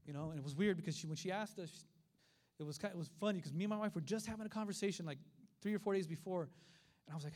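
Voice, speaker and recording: A middle-aged man preaching a sermon, telling stories in an animated way and acting out the voices of the people in them. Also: high voice, very fast. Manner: animated storytelling with acted voices.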